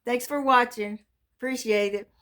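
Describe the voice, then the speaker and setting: A woman's voice: a little high, steady tone, moderate pace, a bit bright. A mother earnestly telling a personal faith testimony in a folksy storytelling way.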